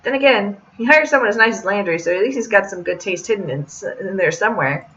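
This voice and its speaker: A woman's voice: medium pitch, lively intonation, fast, pushed and bright, lo-fi sound, a little hiss or hum. A young woman reading a visual novel aloud and adding chatty, joking asides as a let's-play host.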